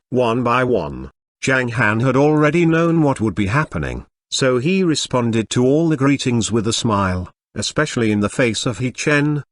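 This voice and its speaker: Lively-voiced male audiobook narrator. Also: medium pitch, no room sound, studio quality. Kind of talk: audiobook narration of a web novel.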